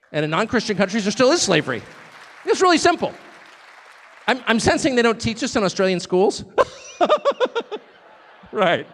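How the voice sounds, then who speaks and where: A man's voice: high-pitched, fairly bright tone. A man giving a live political speech in an emphatic way, with wry asides. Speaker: speaker at a public event. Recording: echoey hall with long reverb.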